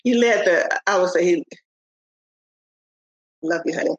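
An older woman, a podcast guest, telling the story of her faith in a halting way, with many pauses and restarts. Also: fairly low pitch, slightly rough, dry recording. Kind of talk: telling a personal faith testimony. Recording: dull, lo-fi audio.

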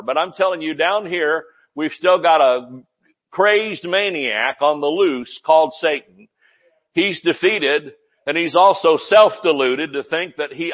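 A male pastor preaching a sermon in a lively way, breaking into laughs and hallelujahs. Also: fairly high pitch, lo-fi sound.

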